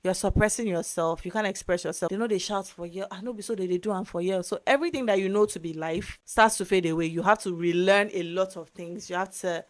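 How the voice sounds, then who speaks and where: A young adult woman from Nigeria with a Nigerian accent, giving animated, emphatic advice in a casual vlog monologue. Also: mid-range voice, fast talker, hardly any pauses. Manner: animated, emphatic, repeats words for stress. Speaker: vlogger.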